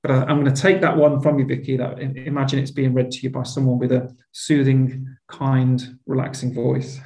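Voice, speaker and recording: A man's voice: medium pitch, level tone, normal speed, a little mellow, reverberant. A man, a school leader talking earnestly in an interview conversation. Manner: earnest, reflective, with frequent restarts.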